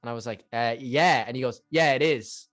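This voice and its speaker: Animated and rambling, a podcast guest in his twenties with an Irish accent acts out quotes while telling stories in a casual chat. His mid-range voice moves at a fairly quick pace, with no room sound.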